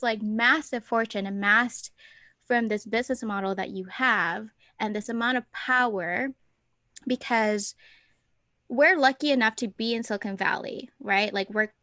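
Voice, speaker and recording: A woman's voice: a little high, no room sound. A woman co-hosting a podcast, chatting casually and thinking aloud as she talks. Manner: talkative, animated, thinks aloud. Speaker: podcast co-host. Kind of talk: casual chat.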